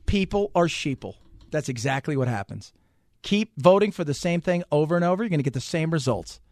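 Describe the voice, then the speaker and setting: A fired-up male radio host rants with sarcasm. His pitch leaps all over and sits a little high. The studio sound is dry and close. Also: expressive, fast talker, a little mellow, no room sound. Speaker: radio talk show host. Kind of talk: talk radio banter.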